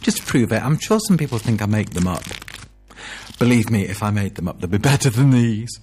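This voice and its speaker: A man's voice: on the low side, very animated, a little fast, a little mellow, soft background music. A man presenting a local radio show in a jokey, rambling, self-mocking way. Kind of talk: casual radio chat.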